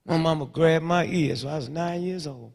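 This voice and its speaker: A man in his seventies giving a fiery lecture full of storytelling, swinging between hushed murmurs and loud outbursts, with rhythmic call-outs to the audience. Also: a little high, normal speed, gravelly. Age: 70s. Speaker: speaker addressing an audience. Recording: long reverb of a large hall.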